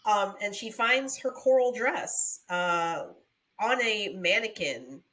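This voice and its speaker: A woman's voice: mid-range voice, slow. Female podcast co-host, conversational plot recap, playful. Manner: animated retelling with playful quoted voices. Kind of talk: casual movie recap chat.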